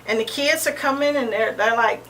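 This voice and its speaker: Bright-voiced woman, halting and earnest. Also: fairly high pitch. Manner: halting and earnest, with frequent ums and restarts. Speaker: interview guest sharing her testimony. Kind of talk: personal testimony in conversation. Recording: distant mic with faint background noise.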